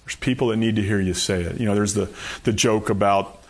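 A man's voice: on the low side, fairly even intonation, brisk. A man preaching a sermon in a conversational, folksy way, often saying "you know" and chuckling. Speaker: pastor.

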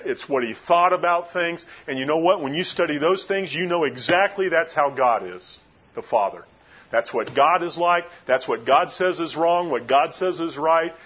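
A man preaching a sermon as pastor, emphatic, swinging between raised and hushed delivery. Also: a little high, slightly rough, dull audio.

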